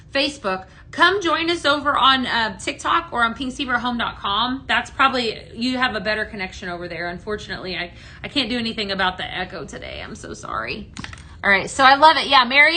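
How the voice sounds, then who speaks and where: A woman's voice: on the high side, pushed and bright, a little hiss or hum. A woman hosting a live product-demo stream in an echoey room, chatting with viewers and answering their comments, with frequent ums. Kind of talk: live sales demo chat.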